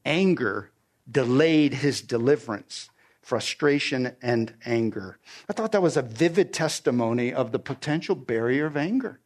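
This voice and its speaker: A man preaching a sermon, walking through scripture verse by verse and retelling it in everyday slang. He asks the congregation questions, answers them himself, and sometimes drops to a quiet, low delivery for emphasis. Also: lively intonation, normal speed.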